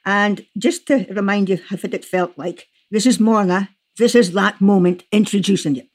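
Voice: medium pitch, normal speed. A podcast host with a Scottish accent, interviewing guests in a friendly, conversational way.

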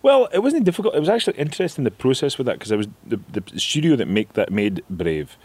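A man with a northeast Scottish accent telling stories in an interview, rambling and animated. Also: medium pitch, fast, dry recording. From northeast Scotland. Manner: rambling, animated storytelling with laughs. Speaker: actor guest. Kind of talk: reflective interview chat.

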